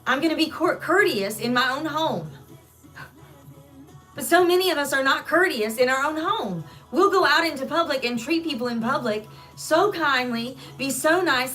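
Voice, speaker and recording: A woman coaching live, talking earnestly and slipping into little acted-out snippets of everyday dialogue to make her point. Her voice sits fairly high, with faint music underneath. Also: lively intonation, moderate pace, sharp tone. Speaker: spiritual life coach.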